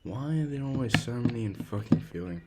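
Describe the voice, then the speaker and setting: A young man hosting his own podcast in loose solo chat, excitable and profane, jumping between loud outbursts and hushed whispers. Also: medium pitch, brisk, very noisy. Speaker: podcast host.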